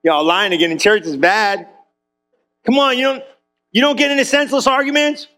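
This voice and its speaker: A man preaching an energetic, conversational sermon in a church, full of quick asides to the congregation. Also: soft background music. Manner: energetic, conversational, high-spirited with frequent asides. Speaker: pastor.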